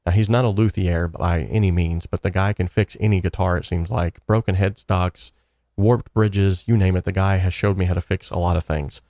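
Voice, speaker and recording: A man telling a personal story about his church and guitars, an animated storyteller who voices the people he quotes. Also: deep voice, normal speed, dry recording, studio quality.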